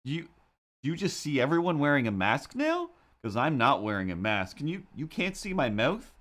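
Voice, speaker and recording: A man's voice: mid-range voice, huge pitch swings, normal speed, a bit bright. Man, casual streamer, wry rambling storyteller, mid-range voice, desk mic. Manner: rambling, wry storytelling with self-mocking asides. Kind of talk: casual chat while drawing on a livestream.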